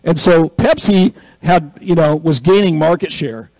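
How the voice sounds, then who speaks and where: A male pastor with a slightly raised voice tells a story the casual way, slipping into the voices of the people in it, and works up to a forceful appeal. The sound is close and dry, with no room around it. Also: fairly high pitch, measured pace, dry recording, low-quality recording. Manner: storytelling, acting out quoted people, rising to emphatic exhortation. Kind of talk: conversational sermon.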